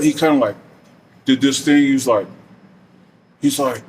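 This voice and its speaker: A man's voice: medium pitch, a little fast, pauses often, darkish tone, far from the mic, a little hiss or hum. A middle-aged man telling a story casually, rambling and profane with many fillers.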